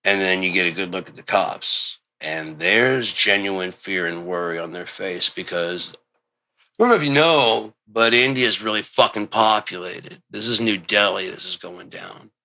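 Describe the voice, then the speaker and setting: A man delivering a rambling, profane monologue, swearing constantly and breaking into loud outbursts. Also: low voice, measured pace. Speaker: show host.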